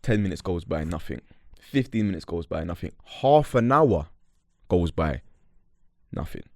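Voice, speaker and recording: A man's voice: sits low, unhurried, no room sound. Young guy telling a story on a podcast, voice all over the place, slangy, dry close mic. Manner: animated storyteller, acts out quotes, London slang. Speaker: podcast co-host. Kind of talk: casual banter between friends.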